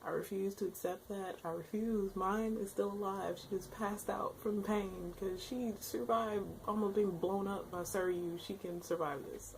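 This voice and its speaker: A woman's voice: mid-range voice, steady tone, a little slow, vocal fry, few pauses, background noise. A young woman recapping an episode in a casual vlog, rambling and emotional, with frequent exclamations. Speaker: anime reviewer.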